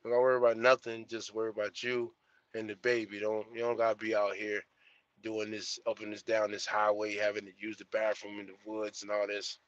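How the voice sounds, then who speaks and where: A man's voice: on the low side, completely flat delivery, brisk, no echo, lo-fi sound. A young man streaming live as a trucker vlogger, chatting casually in a laid-back, slangy way and repeating himself. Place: truck cab.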